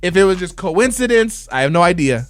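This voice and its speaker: A man hosts a radio show from a studio, telling stories in a loose, chatty way and slipping into the voices of the people he quotes. His voice sits a little higher than most men's, and soft music plays faintly behind him. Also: a little fast, no room sound. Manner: lively storytelling, acting out quoted voices. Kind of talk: casual radio chat.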